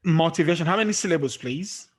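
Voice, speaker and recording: Talking fast in an expressive, slightly rough voice on the high side, a man leads an online English class. He checks understanding with frequent "okay?" and quiz questions, staying patient, captured on a screen-sharing call or recording.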